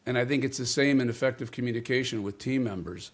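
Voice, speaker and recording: A man as an interview guest, explaining communication ideas in a measured way and stressing key words. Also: medium pitch. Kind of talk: interview conversation.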